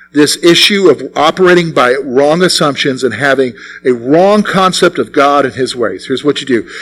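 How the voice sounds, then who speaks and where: Preaching with a voice on the high side, an older pastor gives an earnest sermon. He shifts from hushed passages to forceful ones, repeating phrases to drive them home.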